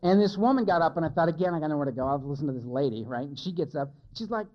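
A man's voice: a little high, lively intonation, rapid-fire. A man giving a candid, self-mocking personal testimony as a speaker at a recovery meeting. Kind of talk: personal testimony to a live audience. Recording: lo-fi, dull recording.

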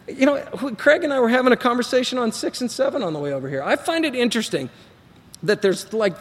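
In a large hall, a middle-aged man from Texas tells a group his personal recovery story in a voice that sits high. He rambles, acts out what people said, and brings a self-deprecating humor.

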